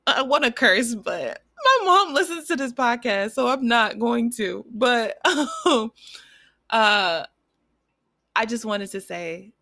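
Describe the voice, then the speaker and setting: A woman's voice: medium pitch, creaky, dry recording, clean studio sound. A young woman in her twenties hosting her own podcast, talking casually and encouragingly to her listeners with plenty of fillers. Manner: warm, encouraging, chatty with fillers. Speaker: podcast host. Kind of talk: casual solo podcast talk.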